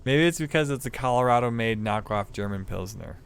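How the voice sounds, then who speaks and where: A man's voice: medium pitch, animated, fairly quick, gravelly, smooth. A man with a Midwestern American accent, chatting casually with viewers while streaming a game, rambling and swearing freely. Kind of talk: casual live-stream chat.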